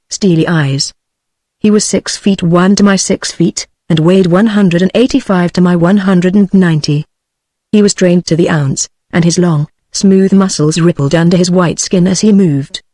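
A text-to-speech voice of a woman with a British accent, reading a novel aloud with an even, synthetic delivery. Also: fairly low pitch, dry recording, studio quality. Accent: British English. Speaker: audiobook narrator.

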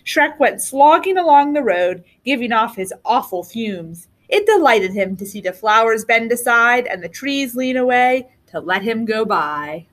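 A woman teacher reads a picture book aloud with expressive storytelling. Her voice is on the higher side and moves a lot in pitch. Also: a little slow, few pauses.

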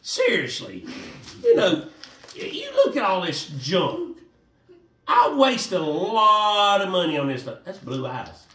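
Male vlogger, high and lively, rambling casual delivery, echoey room, mic at a distance. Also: takes it slowly. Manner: rambling, animated, talks to viewers as y'all. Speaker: fishing vlogger. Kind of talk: casual how-to vlog. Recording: roomy echo, voice a bit off-mic, faint noise.

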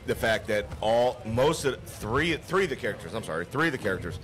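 A man's voice: medium pitch, very animated, fairly quick, crowd noise. A man co-hosting a podcast recorded live at a brewery, chatting casually, swearing often and restarting his sentences. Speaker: podcast co-host. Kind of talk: casual chat.

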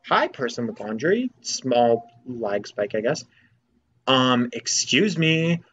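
A young man chatting through a video game in a slow, unhurried drawl. He is playful and mock-exasperated. The recording is dull and lo-fi with a faint hiss. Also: medium pitch, very animated, fairly bright tone. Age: young adult. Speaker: gamer. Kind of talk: let's play commentary.

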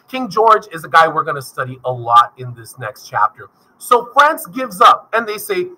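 A male history teacher giving an energetic recorded video lesson, speaking straight to his students. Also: high-pitched, moderate pace, rough recording. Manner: energetic, addresses students directly.

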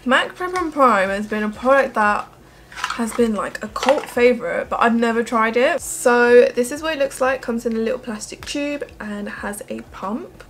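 A woman's voice: on the high side, moderate pace, a little hiss or hum. A young woman chatting through a makeup tutorial as a beauty vlogger, gushing and emotional. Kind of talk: casual makeup tutorial chat.

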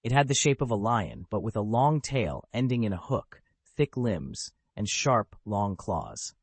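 A man's voice: lowish voice, sing-song, a little slow, breathy edge, no room sound. A man narrating a web novel as an audiobook, telling the story steadily.

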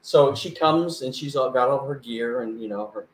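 An older man telling a lively anecdote in a casual chat, acting out other people's voices as he goes. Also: medium pitch, moderate pace, echoey room. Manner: animated, acts out voices in anecdotes. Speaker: guest.

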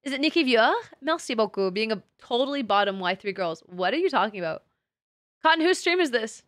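A woman's voice: on the high side, lively intonation, fairly quick, a bit bright, dry recording. A young woman streamer chatting casually with her chat, crude and teasing, laughing often. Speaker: VTuber streamer.

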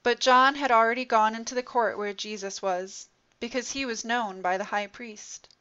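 A woman narrating a story in an expressive, dramatic reading style. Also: on the high side, moderate pace, smooth. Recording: dull lo-fi recording.

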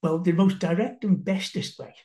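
A man with a Liverpool accent, a life coach speaking as a guest in a casual interview, gentle and patient, often restarting his sentences. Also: sits high, steady tone, moderate pace.

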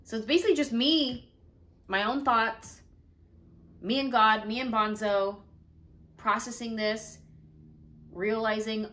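A pregnant woman telling her own story in a casual vlog, lively, acting out the things people said. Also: fairly high pitch, slow pace, long pauses. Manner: animated, acts out her own and others' quoted lines.

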